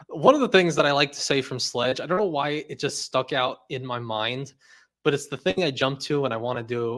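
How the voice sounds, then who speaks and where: A man's voice: mid-range voice, a bit bright. A young man hosting a casual livestream, who rambles, laughs often and leans on "like" fillers. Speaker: host.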